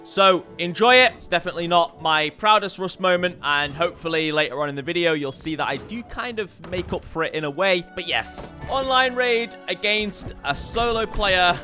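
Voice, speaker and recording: A young man with a bright, forceful voice that sits a touch high. He narrates his gameplay in a chatty, self-mocking way, with faint music running underneath. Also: fairly quick, few pauses. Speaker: gaming YouTuber.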